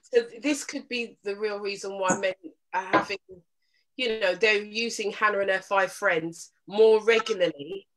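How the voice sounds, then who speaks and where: A woman's voice: mid-range voice, normal speed, a bit bright, rough recording. A woman hosting a live relationship talk show, chatting casually with callers, laughing often and turning earnest when she urges listeners.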